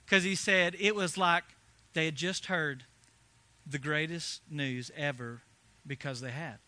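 A male pastor telling a story in a sermon, animated, swinging between hushed and loud delivery. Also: fairly high pitch, unhurried.

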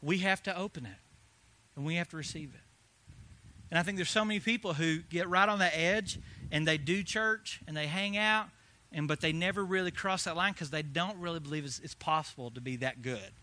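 A male pastor telling a story in a sermon, animated, swinging between hushed and loud delivery. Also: a little high, brisk, few pauses.

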